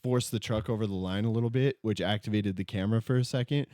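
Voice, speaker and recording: A man's voice: fairly low pitch, quick pace, no echo. Dry, close-miked man telling stories. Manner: animated storyteller, swears freely. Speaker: podcast host. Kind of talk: casual podcast chat.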